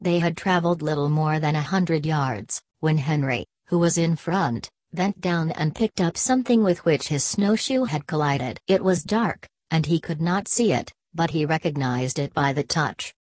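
A woman narrating an audiobook in a measured, plain storytelling manner. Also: sits low, a little mellow, dry recording.

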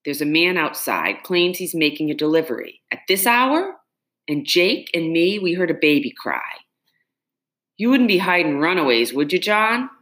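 Threatening sly man, read by a woman, low voice, animated swings in pitch, audiobook. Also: moderate pace. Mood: menacing. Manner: suspicious, threatening questioning. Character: menacing middle-aged male slave-catcher, sly. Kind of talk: audiobook character reading.

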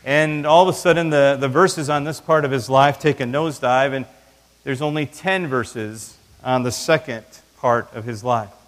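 A man preaching a sermon in an animated way, acting out the voices he quotes. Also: medium pitch, normal speed, long reverb tail. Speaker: pastor.

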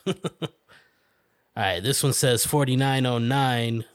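A man's voice: medium pitch, fairly even intonation, takes it slowly, clean tone, no room sound, studio quality. A man hosting a casual podcast, rambling and swearing bluntly as he talks through documentaries. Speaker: podcast host.

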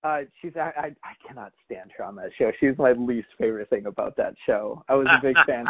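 Male podcast host, mid pitch, loose rambling storyteller; tinny phone-like audio. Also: fairly quick, breathy edge. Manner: rambling storyteller, many restarts and quoted voices. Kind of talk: casual chat.

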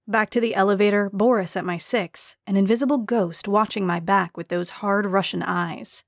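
A woman reads a first-person audiobook at a measured, even pace, her voice at an ordinary middle pitch for a woman. The recording is close and dry, with almost no room sound. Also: vocal fry, no echo. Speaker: audiobook narrator.

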